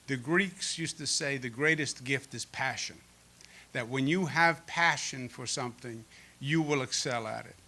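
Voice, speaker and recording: A man's voice: mid-range voice, measured pace, pushed and bright. A man in his fifties with a Queens New York accent, giving a folksy, joking public speech as governor at a school event. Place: school event before an audience.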